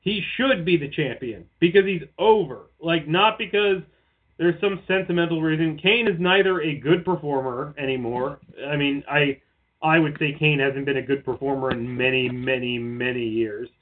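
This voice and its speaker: A man's voice: a little high, steady tone, moderate pace. A man co-hosting a casual podcast chat, rambling and profane with mocking asides. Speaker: podcast co-host. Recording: tinny phone-like line.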